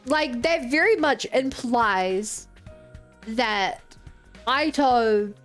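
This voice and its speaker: A woman's voice: on the high side, drawn-out words, fairly bright tone, soft background music. A woman streaming a game, thinking aloud about the story with lots of "like.". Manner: thinking aloud, musing, many "like"s. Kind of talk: live game commentary.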